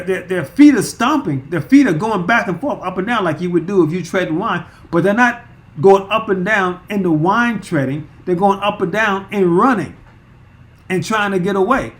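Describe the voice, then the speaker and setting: A man teaching through a Bible chapter verse by verse, emphatic, with frequent repeats and fillers. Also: high-pitched.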